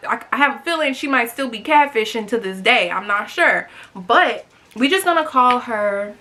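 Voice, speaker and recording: Speaking to the camera in a slightly high, pushed and bright voice, a storytime vlogger in her twenties tells a tale. Her telling is peppered with "like" and asides aimed at her audience.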